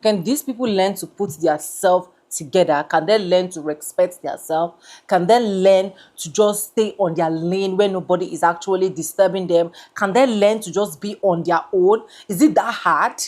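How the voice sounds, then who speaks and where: A woman's voice: fairly low pitch, normal speed, darkish tone. A woman hosting a commentary channel, indignant, repeating rhetorical questions. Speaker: commentary host. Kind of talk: reaction commentary.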